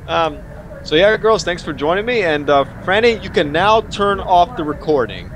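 A man's voice: sits high, very animated, moderate pace, fairly bright tone, slight background noise, rough recording. A man hosting a casual podcast, joking and laughing loosely as he signs off. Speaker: podcast host. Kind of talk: casual chat.

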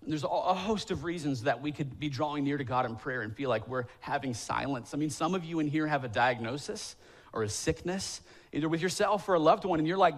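A man's voice: on the high side, brisk. A man in his thirties, a pastor preaching a sermon in a church, telling stories with self-deprecating humor and acting out pleading prayers. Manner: acts out quoted voices, rising to emphatic pleading. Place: church sanctuary.

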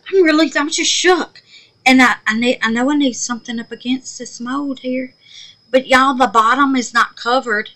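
A woman chatting to her viewers while making resin crafts, often trailing off into quiet muttered asides. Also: high-pitched, moderate pace. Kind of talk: casual crafting vlog.

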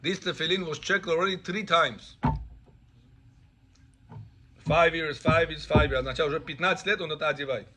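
A man's voice: on the high side, moderate pace, pauses often, heavy background noise. A man teaching a class as a rabbi, telling stories and acting out the dialogue with animation. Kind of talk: storytelling Torah class.

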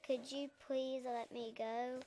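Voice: high voice, little pitch movement, takes it slowly, warm tone, a little hiss or hum. A woman reading the lines of a small frightened female mouse, pleading. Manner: pleading, read aloud plainly.

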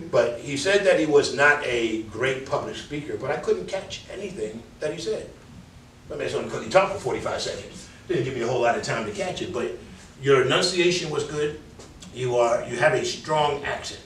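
A man's voice: medium pitch, a bit bright, slight background noise. A man with a New York accent, a public speaking instructor giving candid, conversational feedback to a class and mimicking filler words as he corrects them. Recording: echoey room, mic from a distance.

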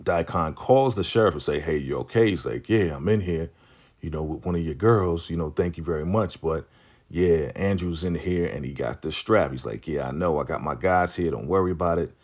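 Male recap host, very deep voice, casual and animated, acts out the characters' quotes. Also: moderate pace. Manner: animated, acts out characters' lines while retelling, laughs often.

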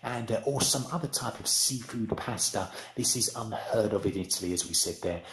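A man's voice: on the low side, moderate pace, a bit bright, roomy sound. A man with a British accent teaching a casual, rambling English lesson in a virtual room. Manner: chatty, rambling, self-deprecating.

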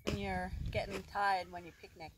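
A woman's voice: medium pitch, little pitch movement, normal speed, heavy background noise. A young woman chatting with a friend on an outdoor picnic, cracking dry jokes on the side. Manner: dry, joking asides. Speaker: vlogger's friend. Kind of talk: casual chat. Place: outdoors in a rainforest picnic area.

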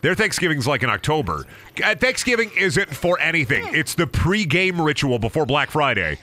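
A man's voice: fairly high pitch, sing-song, normal speed, bright, forceful tone. A young man with a Midwestern accent who rambles through casual gaming commentary, swearing and joking. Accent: Midwestern American. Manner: rambling, profane, jokey. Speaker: streamer.

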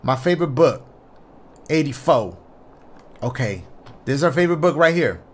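An excitable man commentates his horror-game playthrough, swearing freely and talking straight to his viewers. His voice sits high for a man and leaps around with big swings in pitch. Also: normal speed, breathy edge. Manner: excitable, profane, talks to viewers. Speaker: gaming YouTuber. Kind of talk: let's-play commentary.

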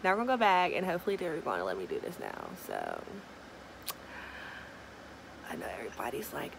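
A young woman vlogging casually, talking, swinging between murmured asides and excited squeals. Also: extremely low pitch, fairly quick, creaky, long pauses, background noise. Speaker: small business owner launching an online store. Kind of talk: casual vlog chat.

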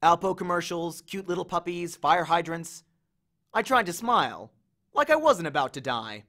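Animated man reading a story aloud. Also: sits high, normal speed. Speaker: audiobook reader.

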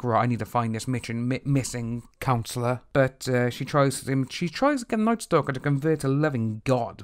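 This TV series reviewer, a man with a medium-pitched voice, casually recaps and reviews an episode. Now and then he slips into quick acted-out reactions of the characters.

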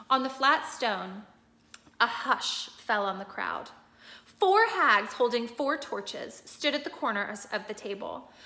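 In an echoey room, a woman with a somewhat high voice reads from a storybook. Her storytelling is steady and expressive, and she occasionally stops to describe one of the pictures.

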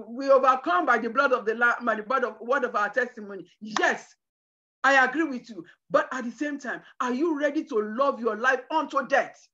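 A woman preaches a fervent sermon in a high, sharp, bright voice, breaking into shouted bursts. The recording sounds dull and lo-fi. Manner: emphatic preaching with shouted bursts and cries of hallelujah. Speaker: preacher at a women's conference.

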